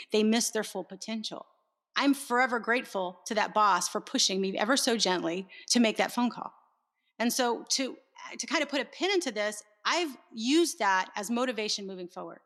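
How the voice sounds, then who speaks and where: A woman's voice: fairly high pitch, a bit bright. A middle-aged woman, a guest on an interview show, telling a candid personal story with earnest, emphatic repetition.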